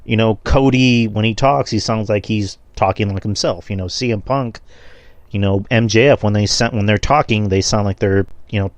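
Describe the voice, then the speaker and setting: A man with a fairly low voice talks bluntly and casually, with mild swearing. His opinions come out loose and rambling. The recording is dry and close, with no room sound. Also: normal speed, no room sound. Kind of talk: casual podcast discussion.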